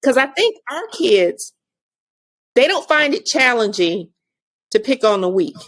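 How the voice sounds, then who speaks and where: Brief: woman guest, somewhat high voice, chatty and lively, quick to laugh. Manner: animated storyteller, laughs often. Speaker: guest, autism advocate and mother. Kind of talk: casual podcast conversation.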